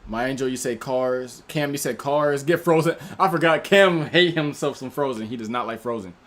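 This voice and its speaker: Hosting a relaxed livestream, a man talks directly to his chat, reading out viewers' names and their picks one after another in a loose, slangy way. His voice sits at an ordinary middle pitch for a man, at a moderate pace.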